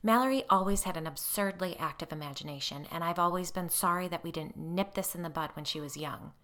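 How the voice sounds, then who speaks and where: A woman's voice: on the low side, fairly quick, fairly bright tone, lightly acted. A woman voicing a defensive, anxious middle-aged mother in a story reading. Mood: tense.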